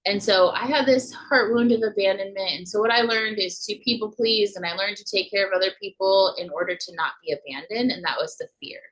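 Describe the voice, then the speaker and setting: A woman in her thirties gently teaching emotional self-care, checking in with listeners as she explains. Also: mid-range voice, a little fast, hardly any pauses, poor audio. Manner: gentle, coaching, many "okay?" check-ins. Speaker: inner healing coach. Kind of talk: teaching talk to camera.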